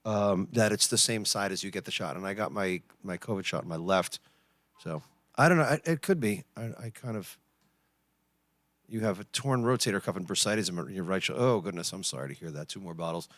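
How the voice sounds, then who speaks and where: A man's voice: low voice, fairly quick, fairly bright tone, dry recording. A man in his forties hosting a live stream, chatting casually with viewers, reading their messages aloud and cracking puns. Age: 40s. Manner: chatty, reads out chat, joking puns. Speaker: livestream host and pianist.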